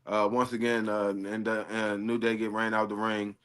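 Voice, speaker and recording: A man's voice: on the low side, little pitch movement, normal speed, fairly bright tone, smooth. A man co-hosting a wrestling review podcast, talking in a loose, rambling way with lots of fillers and swearing. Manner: rambling, full of fillers and profanity. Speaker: podcast co-host. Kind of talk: casual wrestling review chat.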